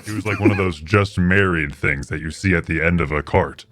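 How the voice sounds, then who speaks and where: A man's voice: low voice, fairly quick, a bit bright, dry recording. A man playing a tabletop game, making dry, wry remarks. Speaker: player. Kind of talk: casual tabletop banter. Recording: faint background music.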